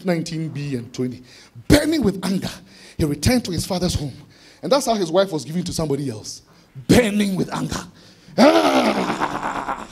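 A man preaching an expository sermon to students, animated, acting out voices with sudden shouted bursts. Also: fairly high pitch, husky. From Ghana. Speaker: conference speaker preaching to students.

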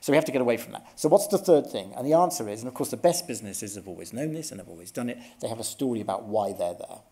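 A man's voice: mid-range voice, expressive, racing, mellow. Earnest man presenting to a workshop. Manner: earnest, explanatory, with frequent restarts. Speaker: workshop speaker. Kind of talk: conference presentation. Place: conference workshop room.

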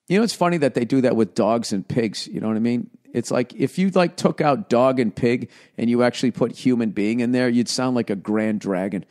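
A man's voice: mid-range voice, brisk, few pauses, a little mellow. Podcast host, middle-aged man, Boston accent, sarcastic ad reads full of swearing riffs. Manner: profane, sarcastic, shifts between reading copy and riffing. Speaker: podcast host reading ads. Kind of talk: ad read with riffing asides.

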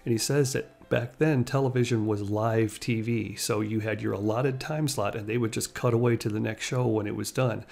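A man's voice: lowish voice, steady tone, normal speed, vocal fry, hardly any pauses, a little mellow. A man narrating a life story in a casual, conversational way, retelling anecdotes with small laughs. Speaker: channel host and narrator.

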